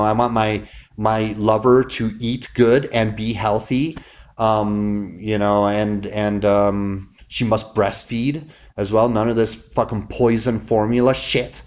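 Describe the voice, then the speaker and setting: A man rambling through a monologue for his viewers, swearing often and restarting his sentences with many fillers. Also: medium pitch. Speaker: vlogger.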